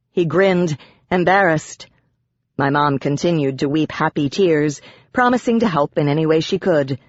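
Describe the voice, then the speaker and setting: An audiobook narrator reading a dark urban fantasy in the first person with a wry, dry storytelling manner. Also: medium pitch, moderate pace, dry recording, muffled recording.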